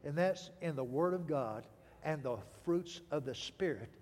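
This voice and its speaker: Male pastor, high voice, storytelling sermon, dramatic pauses, reverberant hall sound. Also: expressive, darkish tone.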